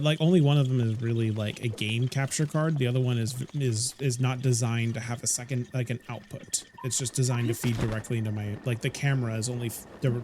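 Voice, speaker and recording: A man with a medium-pitched voice is live-streaming a game against background noise. He chats loosely with his viewers in a rambling way, often stopping to correct himself as he talks to chat.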